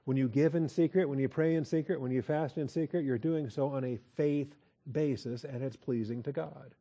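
A man preaching a verse-by-verse Bible teaching, conversational, often checking in with his listeners and slowing down to repeat key points. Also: medium pitch, mellow, muffled recording. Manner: conversational, with frequent "okay?" check-ins and slow emphatic repeats. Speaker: pastor.

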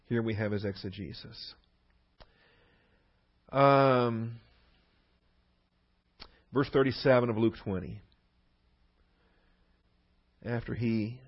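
A man's voice: medium pitch, lo-fi sound. A man teaching through a Bible passage verse by verse, leaning hard on key words between fillers and restarts.

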